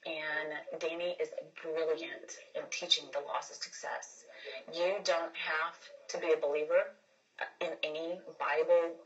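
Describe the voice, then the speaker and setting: A woman with a low, deep voice talks straight into a phone on a casual livestream. She rambles, restarts her sentences and repeats words, leaning hard on emphasis. The sound is dull and lo-fi. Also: flat delivery, unhurried. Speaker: livestream host.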